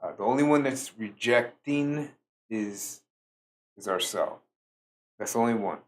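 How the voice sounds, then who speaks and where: Low-voiced man musing on self-worth. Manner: slow, musing, with many fillers. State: tired. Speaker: spiritual teacher. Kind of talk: reflective solo talk.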